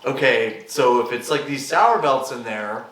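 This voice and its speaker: A young man, a podcast guest, telling a story in casual chat, animated and swearing freely as he acts out what people said. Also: mid-range voice, a little slow, noisy background. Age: young adult. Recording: roomy, distant mic.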